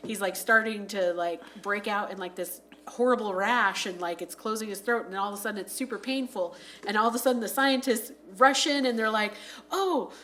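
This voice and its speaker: A woman on a podcast chatting casually about a film, full of "like" fillers and acting out scenes in quick voices. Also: medium pitch, fairly bright tone, a little hiss or hum. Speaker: podcast panelist. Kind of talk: casual movie review chat.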